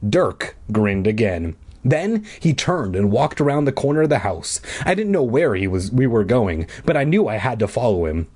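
생동감 있게 책을 읽어주는 허스키한 남자. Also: male voice, mid-range voice, moderate pace, breathy edge. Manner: animated, jokey, swears in asides. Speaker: audiobook reader. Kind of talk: casual storybook read-aloud with comic asides.

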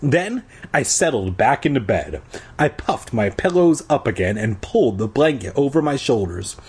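A man's voice: mid-range voice, sing-song, normal speed, husky. A man reading a children's book aloud for a podcast, casual, with irreverent asides. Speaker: podcast reader.

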